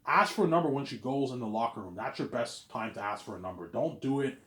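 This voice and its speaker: A man's voice: medium pitch, lively intonation, quick pace, fairly bright tone, roomy sound. A man talking in a casual, rambling monologue, repeating himself and tagging lines with "obviously". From lives in Quebec, Canada. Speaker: vlogger.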